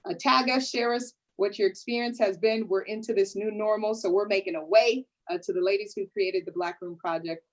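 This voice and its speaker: A woman's voice: medium pitch, steady tone, fairly quick, few pauses, dull audio. A woman hosting a live online panel, playful and sassy, often calling people honey. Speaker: host. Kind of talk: lively hosted panel talk.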